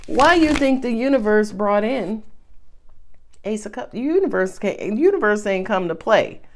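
A woman giving a casual tarot reading in a lively, chatty, playful way. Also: medium pitch, moderate pace. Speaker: tarot reader.

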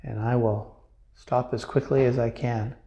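Earnest pastor teaching on a livestream. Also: male voice, medium pitch, fairly even intonation, a little slow, warm tone. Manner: earnest, emphatic, addresses viewers as brothers and sisters. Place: church, streamed online.

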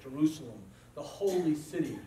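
A man's voice: a little high, expressive, moderate pace, mellow. A male pastor preaching a sermon in a church sanctuary, talking in an earnest, conversational way. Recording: echoey church from far off.

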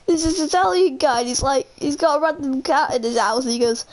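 A woman's voice: sits high, a little fast, hardly any pauses. Giggly, foul-mouthed woman streaming. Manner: giggly, swears freely, jokey. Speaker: live streamer. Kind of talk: casual gaming stream chat.

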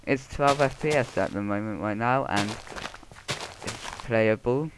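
A man narrating his own gameplay, muttering to himself and swearing through a muffled headset microphone. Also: medium pitch. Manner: mumbling to himself, swearing, quick outbursts. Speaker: Let's Play gamer. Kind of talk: casual gameplay commentary. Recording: muffled headset audio, faint noise.

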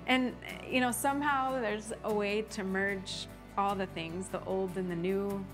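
A woman's voice: medium pitch, fairly even intonation, measured pace, music in the background. A woman homeowner speaking earnestly and reflectively in an interview, sometimes repeating words as she thinks. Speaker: homeowner and designer. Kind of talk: interview talk.

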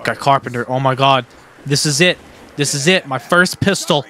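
A young man giving casual, excitable commentary on his own gameplay, laughing often and repeating himself. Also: mid-range voice, normal speed. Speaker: gaming streamer. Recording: faint background noise.

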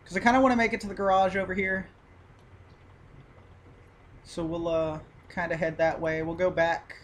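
Rambling male gamer, loud engine noise. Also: high voice, fairly even intonation, moderate pace, low-quality recording. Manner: rambling, easygoing, with filler and cursing. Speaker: gaming YouTuber. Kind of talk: casual gameplay commentary. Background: truck engine and game sounds.

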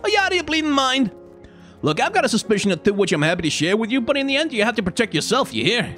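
Man putting on a gruff tournament boss, brusque, animated. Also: very high voice, faint music behind, voice pushed up, full character voice. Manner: brusque, hurried.

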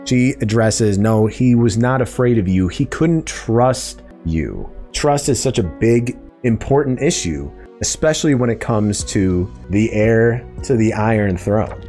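Chatty man hosting a TV recap. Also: fairly low pitch. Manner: chatty, excitable, acts out quoted lines. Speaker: podcast host. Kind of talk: casual TV episode breakdown.

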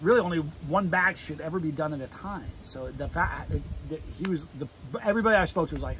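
A middle-aged man hosting a casual chat, telling rambling stories excitedly. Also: sits high, fast talker, hardly any pauses, low-quality recording. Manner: excited, chatty, rambling storyteller. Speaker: host.

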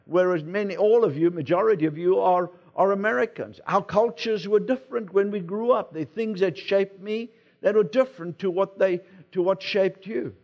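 A South African man preaching in a church, talking to the congregation as though chatting with friends. His voice sits fairly high for a man. The recording is dull and lo-fi. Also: moderate pace, few pauses, darkish tone. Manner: conversational preaching with personal anecdotes. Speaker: pastor. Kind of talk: sermon. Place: church sanctuary.

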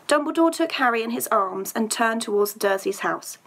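A woman's voice: a little high, expressive, fairly quick, few pauses, a bit bright, slightly rough. A woman teacher reading a story aloud to her pupils, then chatting about a task with a few hesitant fillers.

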